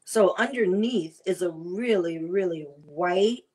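A woman food vlogger chatting casually while she prepares and tastes seafood, savoring and drawn-out in her talk. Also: lowish voice, a little mellow, slightly rough. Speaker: cooking vlogger. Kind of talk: casual chat while cooking.

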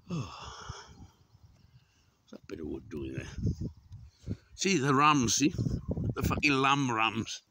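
Climbing a hill outdoors and short of breath, a sixty-something man from Wales keeps up a casual vlog commentary. His husky mid-range voice has a fairly bright tone, and he exclaims and swears a great deal.

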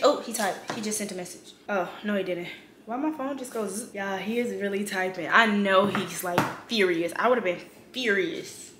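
A young woman talks straight to her viewers, bright and fairly high-voiced, swearing and laughing easily. She is in an echoey home kitchen with a faint hiss behind her. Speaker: vlogger. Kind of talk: casual prank vlog chat.

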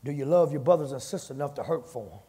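Raspy fervent preacher in a reverberant church. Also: male voice, rapid-fire. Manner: rising from low talk to fervent shouted preaching. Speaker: pastor. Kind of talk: sermon. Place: church sanctuary with long reverb. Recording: hall reverb.

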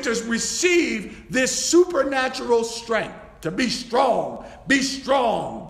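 A man's voice: very high voice, very animated, takes it slowly, vocal fry, hardly any pauses, fairly bright tone. A man preaching a sermon as a bishop-elect, repeating his phrases and breaking in with praise. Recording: echoey church hall.

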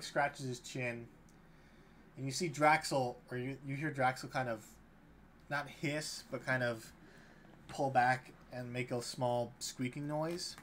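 A man serving as game master, narrating a tabletop game in a relaxed, loose way. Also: medium pitch, a little hiss or hum.

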